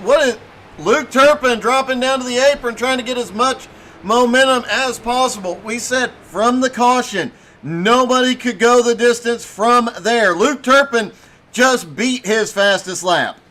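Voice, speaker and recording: A man with a strikingly high voice calls a simulated stock car race in brisk play-by-play. His voice is wearing thin from weeks of commentary. He reels off running order and passes one after another. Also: bright, forceful tone. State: losing his voice.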